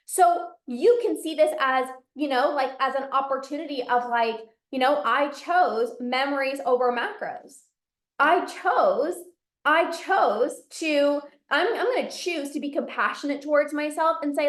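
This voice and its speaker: A woman's voice: high-pitched, a little slow, reverberant. A woman coaching on binge eating in a casual, earnest way, often adding "like" and "right?" as she talks. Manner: earnest, conversational, many "like" and "right?" fillers. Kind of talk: casual direct-to-camera advice.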